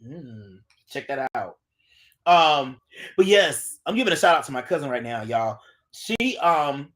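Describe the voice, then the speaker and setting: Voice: medium pitch, expressive, unhurried, fairly bright tone. Casual live stream host on a phone, chatty, reads out comments, says hi to everyone. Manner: chatty, reads viewer comments aloud and greets viewers by name.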